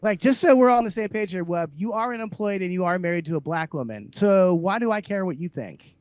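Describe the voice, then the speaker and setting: A man co-hosting a comedy podcast, ranting loudly and sarcastically with heavy profanity. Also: high voice, animated, fast talker, no room sound. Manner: loud, abrasive, sarcastic. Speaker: podcast co-host.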